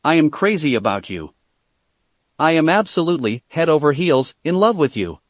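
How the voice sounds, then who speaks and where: A man's voice: on the high side, big pitch swings, moderate pace, no echo. A man voicing a tender, devoted young father and lover in a read-aloud fan fiction story, speaking affectionately.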